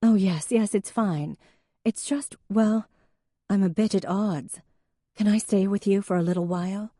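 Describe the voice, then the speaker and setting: A woman's voice: medium pitch, a little slow, warm tone, no echo, studio quality, voice pushed up, lightly acted. A woman voicing a refined, poised female professor who speaks in a genteel, formal way.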